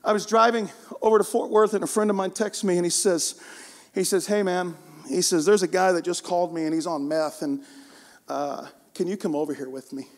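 A male preacher delivers a sermon in a strikingly high voice with a gravelly edge. He talks with raw passion, climbing into shouts and then pulling back to an intimate hush. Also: steady tone, brisk. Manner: passionate, swings from shouting to hushed storytelling.

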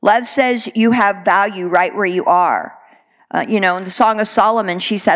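A woman's voice: mid-range voice, moderate pace, a bit bright. A middle-aged woman delivers a sermon. Her talk is earnest and conversational, loose with fillers as she speaks to the congregation. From Texas. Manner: earnest and conversational, with many "you know" fillers. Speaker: preacher.

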